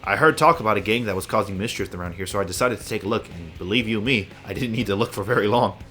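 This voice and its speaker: A man's voice: fairly low pitch, fast, sharp tone, soft background music. An actor voicing a flamboyant young man in a video game, a hero-obsessed fan who talks in grand, theatrical phrases. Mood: grandiloquent. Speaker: game character.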